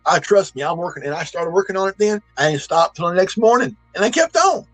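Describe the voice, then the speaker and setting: A man's voice: high voice, fast, fairly bright tone, no room sound, soft background music, poor audio. A man, telling a true encounter in a folksy, rambling way full of restarts and emphatic bursts. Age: 60s. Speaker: eyewitness storyteller. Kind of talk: casual spoken storytelling.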